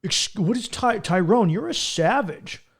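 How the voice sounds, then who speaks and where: A sneering, condescending suburban office worker, as a man puts him on. He mocks in a higher-pitched voice and pushes it loud and exaggerated. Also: animated, measured pace, breathy edge, heavily acted. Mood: mocking. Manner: mocking, exaggerated.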